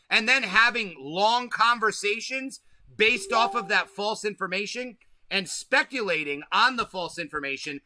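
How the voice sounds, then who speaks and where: A man's voice: high-pitched, bright, forceful tone, dry recording. A man hosting a casual livestream, talking loosely with slang and swearing and stretching out words for emphasis. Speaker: host.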